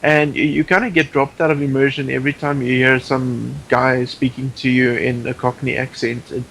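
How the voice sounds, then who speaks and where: A man's voice: medium pitch, little pitch movement, moderate pace, creaky, fairly bright tone, a little hiss or hum, poor audio. A man guest on a podcast in casual chat, opinionated and rambling, with many restarts.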